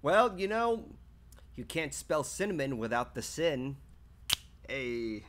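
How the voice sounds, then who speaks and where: A man's voice: mid-range voice, very animated, slow pace, background noise. A man streaming live and chatting casually with his viewers, reading their messages aloud and swearing freely.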